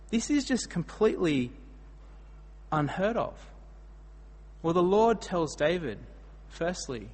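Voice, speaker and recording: Australian preacher in an echoey hall. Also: male voice, high voice, sing-song, slow, pauses often. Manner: storytelling, dramatic swings in loudness. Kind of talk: sermon.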